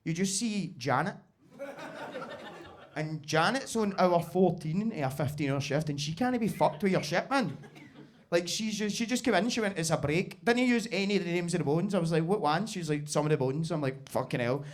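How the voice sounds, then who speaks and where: A young Scottish man telling a sweary story on stage as compere of a comedy night, excitable and laughing at his own tale. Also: sits high, normal speed. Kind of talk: stand-up storytelling. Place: basement comedy club.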